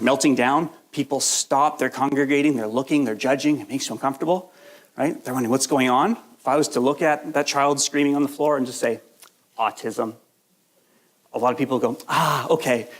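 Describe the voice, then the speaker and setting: A workshop presenter with a mid-range voice gives a live training lecture while getting over a cold. He keeps it conversational and jokey, frequently checking in with "right?".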